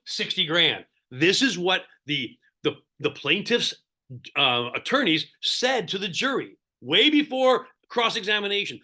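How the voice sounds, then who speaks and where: Man, high bright voice, animated sarcastic coach who quizzes his audience on a video call. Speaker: real estate coach. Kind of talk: live online seminar talk.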